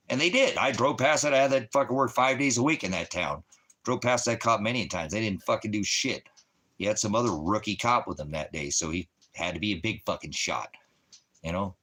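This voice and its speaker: Low-voiced man ranting with coarse profanity. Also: a little fast. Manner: coarse, swears constantly, mimics shouting at others. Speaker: ministry preacher. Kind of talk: casual profane storytelling to followers.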